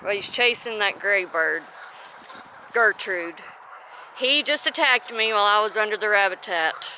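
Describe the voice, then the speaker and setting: Bright-voiced woman chatting through farm chores. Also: mid-range voice, expressive, unhurried, slight background noise. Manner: chatty, often breaks off to coo at her chickens by name. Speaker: homestead vlogger. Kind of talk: casual chat while doing farm chores. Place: outdoors at chicken and rabbit pens.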